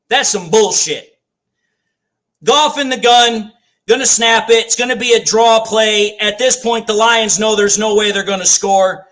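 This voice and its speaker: A man's voice: high voice, measured pace, fairly bright tone. A man calling a football game live for a fan watch party, ranting and swearing as he repeats his complaints. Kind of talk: live play-by-play fan commentary.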